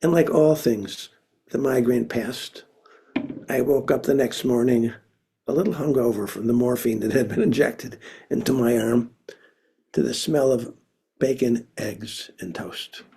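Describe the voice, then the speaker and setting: A man from Minnesota telling a personal story to an audience, expressive, with sudden drops to a hush. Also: mid-range voice, measured pace, vocal fry, breathy edge. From Minnesota, USA.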